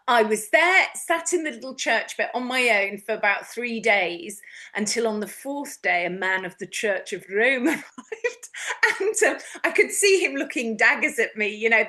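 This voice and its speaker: A middle-aged woman from the UK chats merrily and laughs often as she tells a tale. Her voice sits high and swoops freely through a lively range. The tone is bright and ringing. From United Kingdom. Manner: jolly, animated storyteller who laughs often. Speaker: guest, past life regression therapist. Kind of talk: casual storytelling chat.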